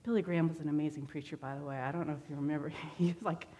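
A woman in her forties gives a storytelling sermon from the pulpit, candid and self-deprecating. Her voice sits a little low. A long church reverb trails after each phrase. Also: steady tone, rapid-fire, dark tone. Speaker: church member giving a sermon. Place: church sanctuary.

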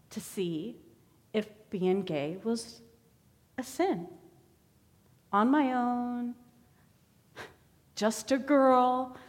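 A woman giving a personal testimony sermon as a church member, telling her story in a conversational way. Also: medium pitch. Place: church sanctuary. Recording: long church hall reverb.

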